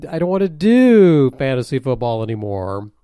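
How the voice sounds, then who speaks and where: A man's voice: normal speed, clean tone, no echo, studio quality. A man co-hosting a casual fantasy sports podcast, rambling and getting worked up in bursts. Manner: ranting, excitable, high-pitched outbursts. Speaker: podcast co-host.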